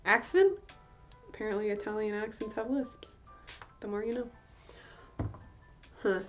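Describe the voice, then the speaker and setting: Woman streamer, chatty, self-mocking, swears a lot, slips into joke accents, slightly dull audio, soft music behind. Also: mid-range voice, little pitch movement, unhurried. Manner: tries out playful put-on accents. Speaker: art streamer. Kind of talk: casual live-stream chat while drawing. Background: quiet chill-hop music.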